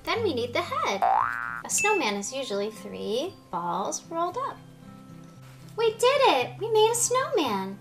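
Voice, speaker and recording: A woman in her thirties hosting a children's educational video, with an animated, slow and clear sing-song delivery for toddlers. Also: sits high, soft background music. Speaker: preschool teacher host.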